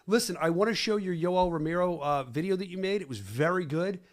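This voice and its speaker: Fairly quick and expressive, this middle-aged man's high voice carries his casual podcast, where he jokes brashly while commenting over video clips.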